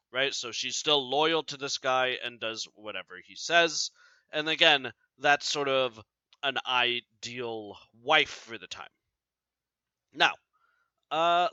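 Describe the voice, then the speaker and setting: A man's voice: mid-range voice, sharp tone, smooth, no echo. A man teaching a literature lesson in an explanatory way, often checking in with "right?", recorded dry and slightly dull.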